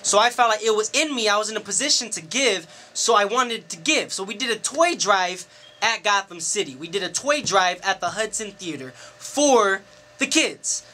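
Dj guy ranting his story to the camera, high voice, lots of slang n swearing. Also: moderate pace. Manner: animated, profane, slangy storytelling. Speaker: DJ and club promoter. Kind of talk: casual storytelling monologue to camera.

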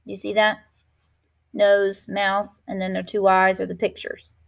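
A woman's voice: mid-range voice, monotone, unhurried, vocal fry. A woman teacher reading a picture book aloud, expressively, stopping to explain words.

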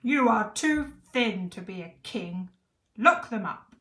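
A woman voicing a greedy fat male king who shouts and blusters, in a storybook reading. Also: a little high, wildly swooping pitch, normal speed. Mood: blustering. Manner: shouting, bellowing. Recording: echoey room.

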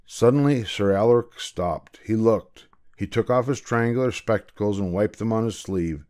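An older man reads a picture book aloud, as a grandfather would for children. His voice sits a little low, and his narration is gentle and measured. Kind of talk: storybook read-aloud.

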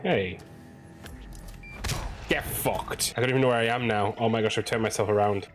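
A man's voice: on the low side, fairly even intonation, moderate pace. A man doing let's play commentary, joking and self-mocking and swearing freely as he plays. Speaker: gaming streamer. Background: game music.

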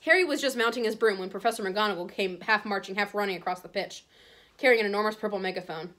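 A woman's voice: medium pitch, quick pace. Teacher reading a novel aloud to her class. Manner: steady, with small stumbles and self-corrections.

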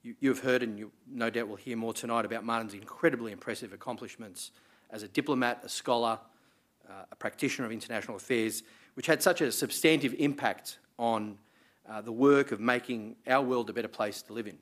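A middle-aged Australian man with an Australian accent delivering a formal memorial address in a measured, earnest way, with the occasional filler. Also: mid-range voice, a bit bright. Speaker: member of parliament giving a memorial speech.

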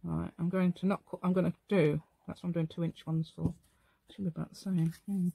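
A middle-aged woman from England, sounding tired, talks her way through a casual craft tutorial at home, chattering and muttering to herself as she goes. Her lowish voice is gravelly and warm with a breathy edge, fairly quick, and shows little pitch movement. There's no room sound.

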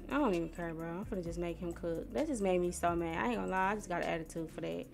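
Soft music plays behind a young woman from Missouri, a gaming YouTuber, whose voice is lowish, creaky, and a little mellow. Playing a life-sim game, she chats away in slang, addresses the characters and herself, and is quick to get irritated.

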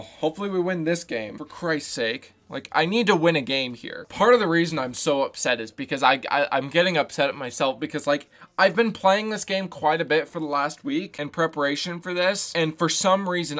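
A man's voice: on the high side, fairly bright tone. A young man giving frustrated live commentary while playing a football video game, ranting and swearing at the game. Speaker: gaming YouTuber.

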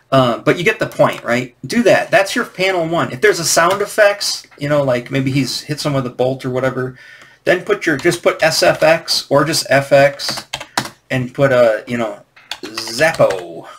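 A man's voice: mid-range voice, moderate pace, a bit bright, a little hiss or hum. A man teaching comic scripting in a loose, rambling way, with many restarts and hesitations. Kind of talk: casual instructional talk.

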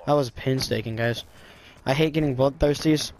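A man giving live gameplay commentary, frustrated and swearing, with sudden excitable outbursts. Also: mid-range voice, normal speed, a little hiss or hum. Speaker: gaming video creator.

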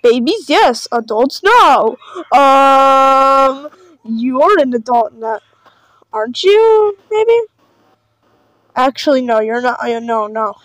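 A woman's voice: high-pitched, expressive, slow, fairly bright tone, no echo, poor audio. A woman doing casual reaction commentary on videos, sarcastic and full of mock panic.

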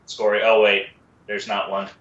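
Low male co-host, deadpan sarcasm, echoey room. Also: moderate pace, dull audio. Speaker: podcast co-host. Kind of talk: casual podcast chat.

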